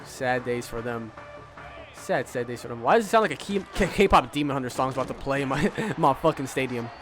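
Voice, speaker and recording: A man's voice: mid-range voice, animated, brisk, a bit bright, faint music behind. A man streaming a football video game, giving casual play-by-play commentary full of trash talk and swearing. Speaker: gaming streamer.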